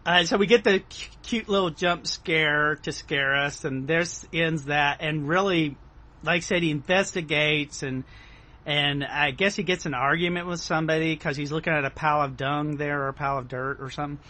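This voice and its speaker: A man's voice: fairly high pitch, steady tone, moderate pace, bright, forceful tone. A man hosting a casual film review chat, rambling with lots of hedging fillers. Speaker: podcast host reviewing a film.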